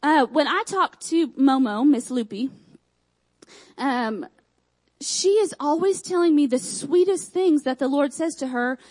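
A young woman from Michigan with a Texan accent, preaching a sermon with emphatic repeated phrases and quick asides. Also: high-pitched, animated, a little mellow, rough recording.

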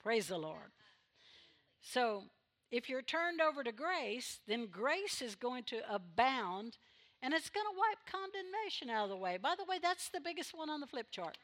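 Woman pastor, fairly high and bright, fervent sermon delivery with loud exhortations. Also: big pitch swings. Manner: emphatic preaching with sudden loud exhortations and quick asides. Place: church sanctuary.

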